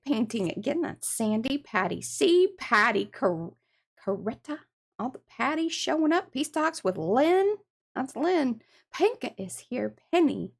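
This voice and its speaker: Chatty woman greeting livestream viewers. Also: high-pitched. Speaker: livestream art show host. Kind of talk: casual livestream chat.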